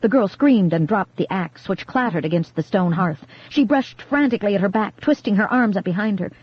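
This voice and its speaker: A woman narrating an audiobook in a measured, dramatic reading style, recorded in a studio. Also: medium pitch, lively intonation, slightly rough, no room sound. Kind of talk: scripted narration. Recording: dull, dry 1980s cassette studio reading.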